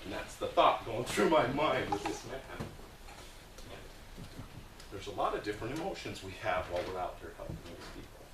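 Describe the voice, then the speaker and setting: A guest speaker talks to a group about a volunteer food project, telling stories in a plainspoken, earnest way with occasional hesitations. His voice is on the low side and sing-song at a normal speed, recorded with roomy sound from a distant mic amid background noise.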